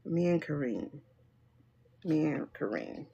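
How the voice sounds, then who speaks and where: A woman's voice: deep voice, sing-song, takes it slowly, creaky, warm tone, slightly rough, lo-fi sound. A woman doing a livestream tarot and pendulum reading, talking bluntly and joking with her viewers.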